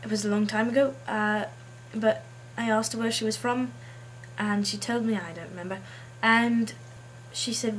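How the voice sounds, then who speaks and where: A woman's voice: medium pitch, steady tone, normal speed, a little hiss or hum. A woman vlogger chatting in a put-on English accent, snarky and hesitant, with lots of ums and uhs. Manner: snarky, hesitant with many fillers. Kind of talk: casual monologue.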